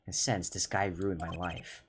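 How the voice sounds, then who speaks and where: A man's voice: low voice, level tone, normal speed, noisy background. A man reading a wry, weary young lawyer. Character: wry young male defense attorney. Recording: loud game music underneath.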